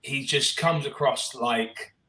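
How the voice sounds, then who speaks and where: A man's voice: mid-range voice, takes it slowly, sharp tone, roomy sound, recorded from a distance, rough recording. A man co-hosting a podcast, chatting about football in a rambling, enthusiastic way with many restarts. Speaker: podcast co-host. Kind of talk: casual football chat.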